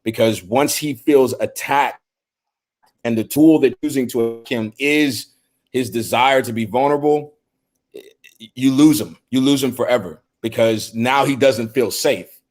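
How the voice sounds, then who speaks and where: Earnest and conversational, this middle-aged guest on a men's talk show tends to repeat words when starting a thought. His voice is medium in pitch and his pace is measured.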